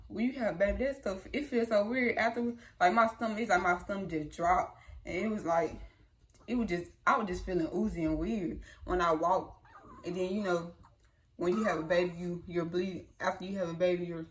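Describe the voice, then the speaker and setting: A young woman, telling her birth story to viewers in a casual, chatty way. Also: lowish voice. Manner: chatty, addresses viewers as y'all, lively retelling. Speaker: new mother vlogger.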